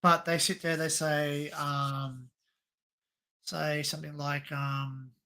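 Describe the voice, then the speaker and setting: Rambling Australian man, fairly high voice. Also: flat delivery, slow, gravelly, bright, forceful tone. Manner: rambling, hesitant, many fillers and restarts. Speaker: livestream host. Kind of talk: casual rambling chat.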